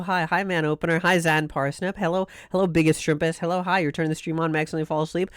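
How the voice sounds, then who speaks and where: A man chatting casually on a live stream, slightly high in pitch and recorded dry and close. He rambles playfully, trips over his words and repeats himself, and sometimes greets people in a sing-song chant. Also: flat delivery, rapid-fire, few pauses, a bit bright, clear, resonant tone, no echo.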